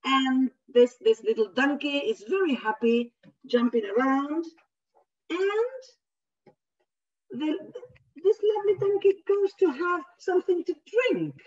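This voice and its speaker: A woman educator, not a native English speaker, reading picture books aloud in a workshop in an animated, expressive way. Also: high-pitched, takes it slowly, pauses often. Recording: distant, dull lo-fi.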